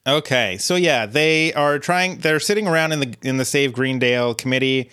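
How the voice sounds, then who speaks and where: Bright, clear-voiced male podcast host. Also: mid-range voice, normal speed. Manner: rambling storyteller with many fillers and restarts. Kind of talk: casual podcast chat.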